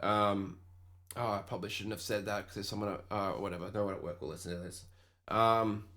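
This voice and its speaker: A man's voice: on the low side, fairly even intonation, a little fast, a bit bright. Profane young Australian man ranting. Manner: profane, rambling storytelling with mocking quoted voices. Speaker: podcast host. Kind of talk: casual ranting monologue.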